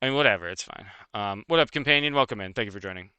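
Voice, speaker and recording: Male streamer, bright and crisp, rapid profane rant, dry close sound. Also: lowish voice, expressive, no room sound. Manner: fast, profane, heated and laughing. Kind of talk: casual live-stream rant.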